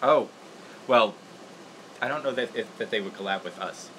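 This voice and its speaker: A man's voice: fairly low pitch, normal speed, fairly bright tone, a little hiss or hum, low-quality recording. Rambling, self-deprecating man crafting. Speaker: puppeteer host. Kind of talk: casual livestream tutorial.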